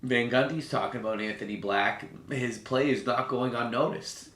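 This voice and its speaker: A man's voice: medium pitch, moderate pace, a bit bright. Man, live sports commentary, sarcastic, profane, exasperated, echoey room. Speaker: live game watch-along streamer. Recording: roomy echo.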